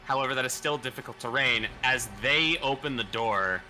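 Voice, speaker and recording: A man narrating as game master of a tabletop game, measured, repeating phrases as he goes. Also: medium pitch, pushed and bright, soft background music.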